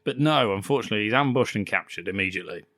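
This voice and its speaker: A man's voice: lowish voice, expressive, rapid-fire, a bit bright, no echo, studio quality. A man co-hosting a podcast, recapping a bad film in casual, profane, rambling banter. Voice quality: sweary, laughing, rambling recaps. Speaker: podcast co-host.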